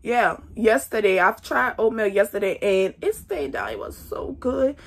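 A woman's voice: mid-range voice, expressive, normal speed, vocal fry. A young woman chatting to her viewers in a casual pregnancy update vlog, feeling nauseous. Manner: chatty, talks straight to viewers as y'all. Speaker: vlogger.

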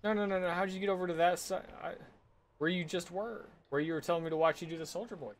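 A young man chatting casually with friends while playing a game, joking and drawling silly lines slowly. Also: sits high, slight background noise. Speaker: gamer. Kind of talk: casual gaming chat with friends.

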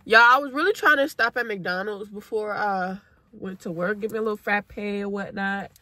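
A woman's voice: mid-range voice, normal speed, sharp tone. A woman in her twenties talking casually to her viewers in a chatty, slangy vlog, speaking into a phone camera. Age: 20s. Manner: chatty and slangy, addresses viewers as y'all and baby. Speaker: vlogger. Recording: noisy phone vlog audio.

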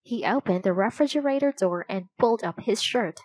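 A woman reading a children's chapter book aloud in a clear, measured storytelling manner. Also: mid-range voice, animated, darkish tone, no room sound, rough recording. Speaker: storybook reader.

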